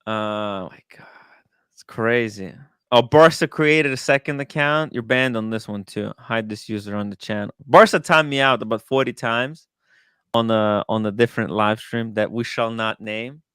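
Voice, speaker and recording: A man hosting a casual watch livestream, talking in an excitable, animated way with quick asides to the chat. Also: medium pitch, smooth, no room sound, studio quality. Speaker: livestream host. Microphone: studio microphone.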